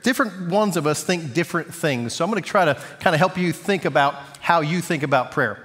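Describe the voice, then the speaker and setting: A man's voice: high-pitched, a bit bright, in a large hall. A man preaching as a pastor in a church, with a casual, joking, conversational manner. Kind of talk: sermon. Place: church sanctuary.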